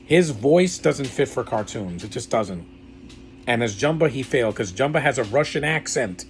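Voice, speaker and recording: A man's voice: mid-range voice, animated, moderate pace. A man giving a casual, rambling film review with blunt opinions and lots of fillers. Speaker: movie reviewer.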